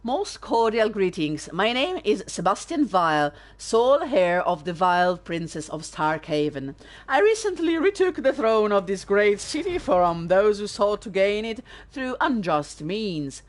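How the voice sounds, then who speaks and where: A woman's voice: medium pitch, big pitch swings, measured pace, pitched above the performer's own voice. A woman reading a pompous, devout young male prince's letter aloud in formal, grand phrasing, with no accent. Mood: formal, lofty.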